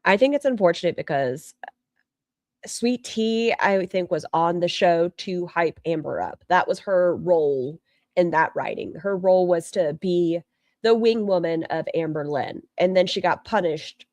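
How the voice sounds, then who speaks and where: Low-voiced woman giving candid commentary. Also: measured pace, a little mellow, no echo. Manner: candid, opinionated, thinks aloud. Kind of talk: casual commentary on online drama.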